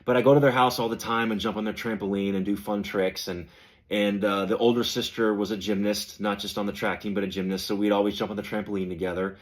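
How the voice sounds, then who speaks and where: Low-pitched guy telling a story on his podcast, lively, does little voices for people. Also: quick pace. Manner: animated storyteller, acts out quoted voices. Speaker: podcast host. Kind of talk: casual storytelling monologue.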